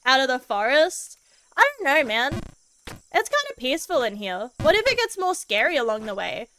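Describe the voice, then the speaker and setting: A woman's voice: high-pitched, big pitch swings, moderate pace, bright, forceful tone, a little hiss or hum, rough recording. A woman streaming a game as a VTuber, chatting casually in a goofy, laid-back way and swearing freely.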